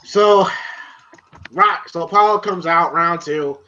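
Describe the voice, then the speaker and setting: A movie reviewer giving a casual spoken review, excitable and profane, retelling scenes in long run-on recaps. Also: mid-range voice, takes it slowly, dull audio, slight background noise.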